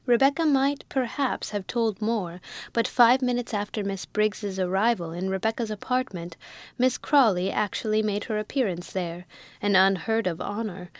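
A woman's voice: mid-range voice, no echo. Woman reading a classic novel, dry sound. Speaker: audiobook narrator. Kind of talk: scripted narration of a classic novel.

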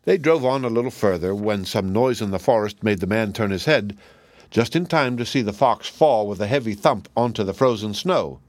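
A man narrating a fairy tale in a steady, measured reading. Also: fairly low pitch, dry recording. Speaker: storyteller.

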